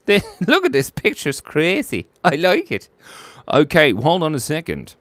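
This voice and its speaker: Streaming live while drawing viewers' requests, a man reads chat messages aloud in a playful, giggly way. His pitch swings hugely, swooping from squeaky highs to low mumbles, at a measured pace with a bit of brightness and no echo.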